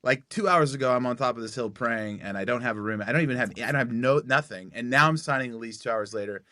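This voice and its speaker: A man's voice: medium pitch, quick pace, sharp tone, no echo, studio quality. A man in his forties telling a personal story on a podcast, acting out the dialogue as he goes. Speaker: podcast guest.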